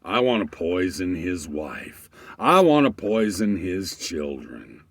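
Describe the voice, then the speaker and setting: A man's voice: low voice, very animated, slow pace, dry recording, full character voice. A man acting out a seething young man who rants through gritted teeth, half in hissed whispers.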